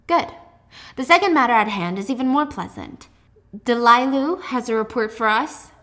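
A woman reading the lines of a cold, ruthless young male military commander in a calm, commanding way, close to her own voice. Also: fairly high pitch, normal speed. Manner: calm, commanding, casually cruel.

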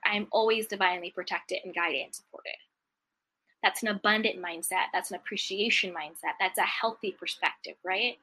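In a bright, forceful, mid-range voice, a woman delivers a casual self-help monologue on gratitude and mindset for a video. She earnestly repeats affirmations and now and then imitates complaining voices.

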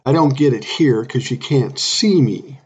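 A man's voice: mid-range voice, measured pace, breathy edge. A man in his sixties hosting a solo podcast, talking bluntly and irritably, swearing often. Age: 60s. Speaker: podcast host.

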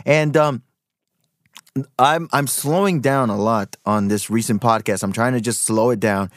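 A man's voice: medium pitch, measured pace, dry recording. Rambling podcast man, dry close sound. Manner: rambling, with filler and restarts. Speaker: podcast host. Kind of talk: casual commentary.

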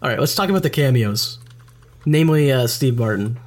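Podcast co-host with lively, swooping pitch. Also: fairly quick. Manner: joking, dry asides, casual swearing. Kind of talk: casual podcast chat.

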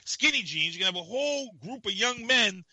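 A man rants through a casual podcast chat in a very bright, forceful voice, cursing freely. His pitch sits a little high and the sound is dry and close. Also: animated, no room sound. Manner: ranting, profane, quick to laugh. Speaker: podcast co-host.

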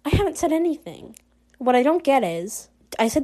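A woman plays through a story game and keeps up a giggly, chatty commentary. Her voice sits high and swings widely in pitch. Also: very animated, moderate pace, warm tone. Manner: giggly, chatty, reacts aloud. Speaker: gamer playing a story game. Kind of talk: casual let's-play commentary.

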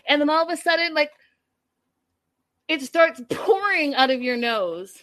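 Young woman vlogger, lively gossipy commentary with a slightly raised pitch. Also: unhurried, long pauses. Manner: animated, gossipy, says y'all. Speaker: reality TV reviewer. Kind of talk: casual commentary to viewers.

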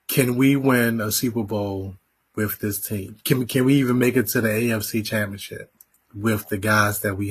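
Husky low-voiced podcast co-host. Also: male voice, a bit bright. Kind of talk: casual sports talk.

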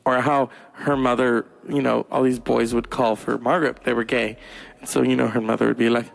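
Gravelly-voiced profane male stand-up comic. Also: level tone, brisk, soft background music. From California, US. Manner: crude, profane storytelling with shrill voices for others. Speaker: stand-up comedian. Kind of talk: stand-up monologue.

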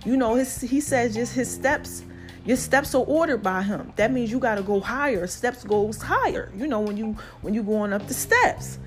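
A woman from New Jersey with an accent that blends Jersey and the American South, casually sharing faith testimony straight to her viewers in lively slang. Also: fairly high pitch, moderate pace, faint music behind. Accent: New Jersey mixed with Southern US. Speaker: vlogger.

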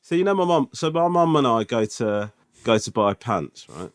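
A man in his forties co-hosting a casual podcast, telling animated, self-mocking stories. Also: medium pitch, normal speed, clean tone. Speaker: podcast co-host. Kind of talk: casual chat.

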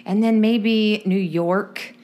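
A woman from California co-hosting a podcast in casual chat, rambling and giggly as she thinks out loud. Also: mid-range voice, fairly even intonation, slow pace. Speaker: podcast co-host.

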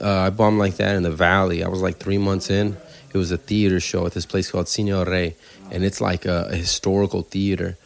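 A man, a stand-up comedian telling stories on a podcast in a casual, animated way, swearing freely. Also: deep voice, a little fast, vocal fry. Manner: animated storyteller, swears freely, acts out quoted voices.

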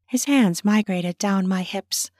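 A woman narrating her own erotic story in a slow, intimate way, slipping into whispers. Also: mid-range voice, a little mellow, no room sound, studio quality.

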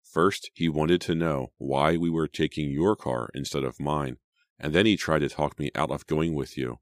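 A man's voice: a bass voice, steady tone, normal speed, no room sound, clean studio sound. A man voicing an anxious, shaken teenage girl in an audiobook, sounding jumpy and alarmed. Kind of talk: audiobook character voice.

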